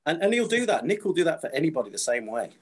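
A husky, slightly breathy British man in his fifties talks quickly in a casual podcast chat. He rambles, repeats himself and restarts sentences while telling animated stories. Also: on the high side. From Britain. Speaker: supplier to the screen printing trade.

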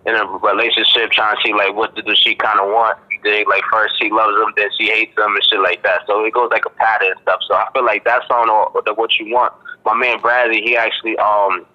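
Fast-talking laid-back rapper from Boston. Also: male voice, lowish voice, flat delivery. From Boston, Massachusetts. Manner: laid-back slangy talk with many fillers and "you dig". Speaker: rapper, interview guest. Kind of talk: casual interview chat. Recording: dull lo-fi line.

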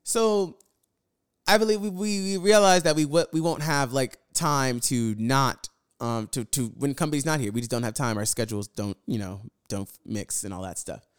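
A man's voice: mid-range voice, normal speed, clear, resonant tone. A young man telling viewers a storytime rant about his roommate, exasperated and profane, repeating phrases for emphasis. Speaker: vlogger.

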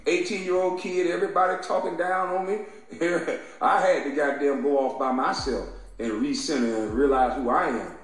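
A man's voice: a little high, moderate pace. A man delivering a profane, heated rant, taunting and mocking his targets and laughing between insults. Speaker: commentator. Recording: very echoey room with faint music.

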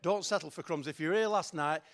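A man's voice: fairly high pitch, quick pace, a bit bright. A middle-aged man preaching a sermon in a chatty, joking, self-mocking way. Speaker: pastor.

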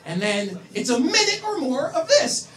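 A Canadian man doing a stand-up set, animated and self-mocking, with loud punchlines. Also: extremely high pitch, moderate pace, a crowd in the background. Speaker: stand-up comedian. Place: comedy club stage with audience. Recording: roomy club sound from a distance. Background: audience laughter.

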